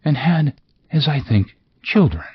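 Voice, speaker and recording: A man's voice: on the high side, sing-song, unhurried, dull audio, slight background noise, voice pushed up. A man doing a solemn, ghostly spirit. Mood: solemn, pointed.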